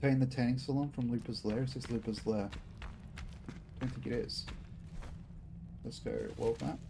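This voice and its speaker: A male streamer with a scratchy throat, mid-pitched and rambling as he plays, often laughing at his own mistakes. His voice sits over a steady layer of background noise. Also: moderate pace. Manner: rambling, self-deprecating, talks to himself. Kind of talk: casual gameplay chat to viewers.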